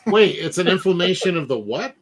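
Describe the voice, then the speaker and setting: A man co-hosting a casual chat, curious and quick to laugh. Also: high-pitched, lively intonation. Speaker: podcast co-host.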